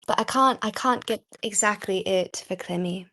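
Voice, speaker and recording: A woman hosting a casual live chat, soft-spoken, giggly and rambling. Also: medium pitch, moderate pace, few pauses, no echo. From Australia. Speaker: host.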